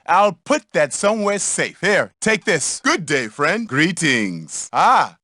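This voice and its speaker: A haughty, cruel schoolboy prefect barks orders and insults in pompous game voice lines. His voice sits high and bright, swinging widely in pitch. The sound is dry and close. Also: big pitch swings, slow, no room sound, heavily acted. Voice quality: pompous, commanding, sneering.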